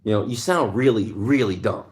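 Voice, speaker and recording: A man with a lowish voice and a moderate pace hosts a livestream, ranting heatedly in a casual monologue while responding to chat.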